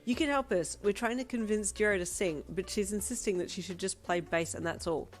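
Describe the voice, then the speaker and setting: Woman doing a squealy hyper teen girl, loud and high, soft music behind. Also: a little fast. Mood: excited. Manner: squealing, excitable.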